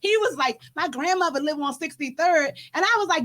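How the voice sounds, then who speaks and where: Brief: woman co-host, high and bright voice, animated storyteller. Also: fast, hardly any pauses. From Washington, D.C. area. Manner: lively, dramatic retelling with laughs and quoted voices. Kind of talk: animated storytelling in a group chat.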